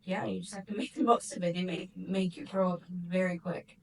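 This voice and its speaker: A woman in her thirties with a Texan accent, speaking earnestly in casual conversation and laughing softly now and then. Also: fairly low pitch, steady tone, fairly quick, gravelly. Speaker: mother, podcast guest. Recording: slightly distant mic with faint background noise.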